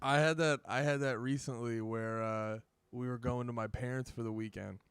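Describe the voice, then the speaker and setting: A man's voice: mid-range voice, steady tone, normal speed, smooth. A man co-hosting a podcast from his dining room, laughing and telling crude stories in a casual chat. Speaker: podcast co-host.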